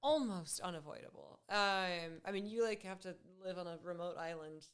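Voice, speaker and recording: Female podcast guest in her thirties, lowish smooth voice, upbeat and conversational. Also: normal speed. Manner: chatty and upbeat, laughs often. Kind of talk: casual interview chat.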